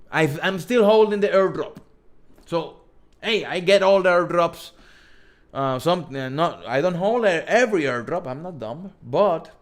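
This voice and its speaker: Hosting a casual live stream, a man with a thick Spanish accent and a slightly high voice reads viewer questions aloud. He rambles, frequently restarting and correcting himself.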